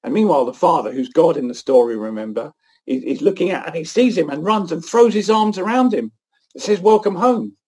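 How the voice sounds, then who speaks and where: A man giving an earnest, animated sermon-like talk at a church event. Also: fairly high pitch, a little fast, slightly rough. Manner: earnest, animated, often restarts phrases. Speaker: guest speaker at a church event.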